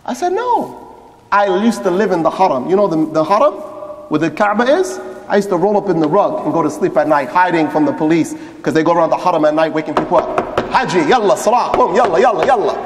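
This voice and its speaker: A man, an imam, telling his story in a lively religious lecture and acting out the voices of people he quotes. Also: fairly high pitch, fast. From United States. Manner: animated, acts out quoted voices. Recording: echoey hall with long reverb.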